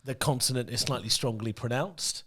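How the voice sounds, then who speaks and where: A man's voice: mid-range voice, moderate pace, sharp tone, slightly rough. A man co-hosting a casual podcast with an English accent, telling sweary, jokey stories. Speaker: podcast co-host.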